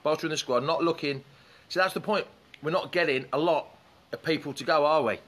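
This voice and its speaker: A man's voice: on the high side, fairly quick, fairly bright tone. A man hosting a casual live fan stream outdoors beside a swimming pool, chatting loosely and greeting viewers by name as their comments come in. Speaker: fan show host. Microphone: phone or camera set up by the pool.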